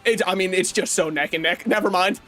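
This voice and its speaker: A man streaming a racing game live, commentating with excitable, profane banter toward the other players and chat. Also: sits high, fairly quick. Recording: faint game music behind.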